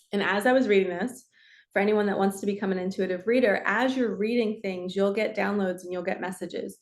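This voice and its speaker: Middle-aged woman host, sincere and confiding spiritual talk; medium pitch, echoey room. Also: a little fast. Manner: earnest, heartfelt, confiding. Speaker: spiritual channel host, card reader. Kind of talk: casual spiritual talk to camera.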